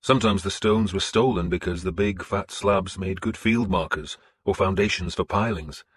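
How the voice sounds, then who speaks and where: A man narrating an audiobook in the first person with a steady, measured delivery. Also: low-pitched, slightly rough, no echo, clean studio sound.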